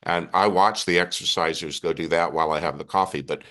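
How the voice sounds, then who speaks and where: Deep-voiced older priest from Texas. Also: male voice, fairly even intonation, brisk, pushed and bright. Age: 60s. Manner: earnest, with frequent restarts. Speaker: Catholic priest and guest. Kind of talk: conversational storytelling interview.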